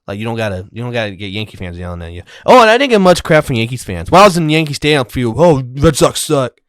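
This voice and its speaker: Fast-talking man, animated podcast storyteller. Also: mid-range voice, clear, resonant tone, dry recording, studio quality. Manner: animated storytelling, acts out quoted exchanges. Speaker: podcast co-host. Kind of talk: casual chat.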